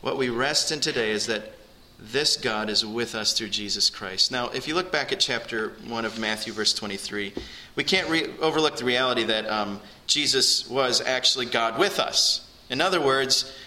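A male pastor delivers a sermon in an earnest, building manner. His voice is strikingly bright and cutting, at a middling pitch. He pushes up and presses harder whenever he reaches a point he wants to land. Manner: earnest, rising emphasis on key phrases.

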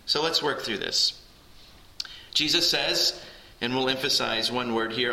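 A man's voice: mid-range voice, a little slow, pushed and bright. A man preaching a sermon as pastor, earnest and building emphasis on key phrases. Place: church sanctuary. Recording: echoey church hall.

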